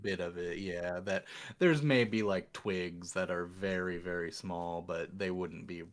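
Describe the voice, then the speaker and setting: Slow, halting man running a tabletop game. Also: sits low. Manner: hesitant, many fillers and restarts. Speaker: game master. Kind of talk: describing scenes in a tabletop game.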